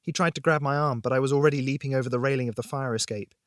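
A man hosting a fiction podcast, reading a tense horror story aloud in a dramatic, measured way. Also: mid-range voice, steady tone, dry recording, clean studio sound. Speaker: podcast host and narrator. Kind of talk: scripted audiobook narration.

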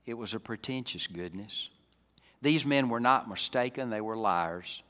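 A man preaching a sermon, swinging from loud, emphatic climaxes down to soft, low passages. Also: a little slow. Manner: dynamic, rising to loud emphatic peaks then dropping soft. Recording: reverberant hall.

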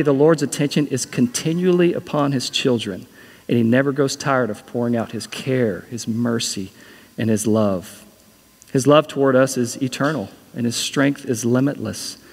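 A man's voice: mid-range voice, long reverb tail. A man preaching a sermon as pastor, earnest and repeating key phrases for emphasis.

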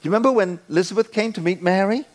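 A man in his sixties preaching a sermon in a church, playful and animated, acting out the voices he quotes. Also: high-pitched, racing. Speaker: guest preacher.

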